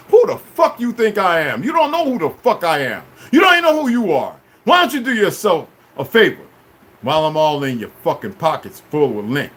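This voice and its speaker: High-voiced man in a cursing livestream rant. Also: big pitch swings, brisk. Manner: confrontational, cursing, shifts between shouting and low muttering. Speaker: livestreamer answering chat.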